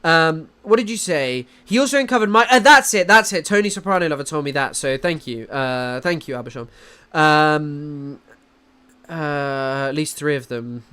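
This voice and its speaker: A man's voice: fairly high pitch, normal speed, pushed and bright, smooth. A man hosting a casual livestream, talking loosely about the news and reading out chat comments, often restarting his sentences. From England. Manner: rambling, restarts sentences, reads chat aloud. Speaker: livestream host.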